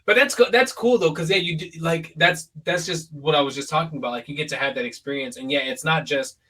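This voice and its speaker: A young man hosts a casual podcast, rambling along with many "likes" and "ums." His voice sits a bit high and sounds bright and forceful. He is a little far from the mic. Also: fast. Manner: relaxed and rambling, full of fillers and likes. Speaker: podcast host.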